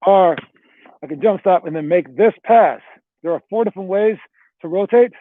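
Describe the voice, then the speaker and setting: A man's voice: high-pitched, normal speed, no echo. Man coaching basketball over a tinny line. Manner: rambling, fillers like "all right" and "like", talks to players directly. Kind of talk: motivational coaching talk. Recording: dry, tinny phone-like sound.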